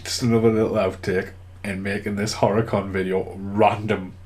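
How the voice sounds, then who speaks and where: A man rambling through casual vlog outtakes at home, telling stories in an excitable way with some swearing. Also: fairly low pitch, normal speed. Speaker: vlogger. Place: home, partly in the attic.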